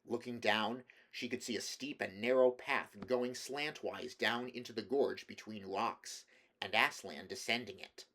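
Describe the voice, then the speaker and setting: Guy reading a kids novel out loud, measured, stumbles and restarts now and then. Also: on the low side. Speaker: audiobook reader.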